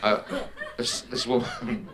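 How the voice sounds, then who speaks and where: A man from Northern Ireland doing live stand-up, telling jokes in a brisk way and laughing between punchlines. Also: mid-range voice, fairly even intonation, a crowd in the background. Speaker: stand-up comedian.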